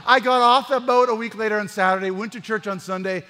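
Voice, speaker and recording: A man, a pastor, giving a humorous sermon with lively stories, acting out the dialogue. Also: high-pitched, fast talker, big-room sound. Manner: animated, acts out dialogue in the stories. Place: church.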